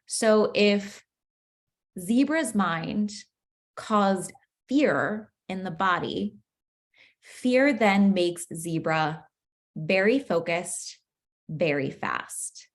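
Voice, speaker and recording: A young adult woman coaching a masterclass in a chatty, playful way, laughing often and saying "like" a lot. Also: mid-range voice. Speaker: manifestation coach. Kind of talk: casual masterclass teaching.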